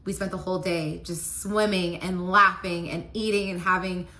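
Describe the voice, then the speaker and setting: A woman's voice: lowish voice, steady tone, normal speed, sharp tone. A young woman casually telling a personal story, peppering her speech with "like" as she talks. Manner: casual, heavy use of "like" fillers.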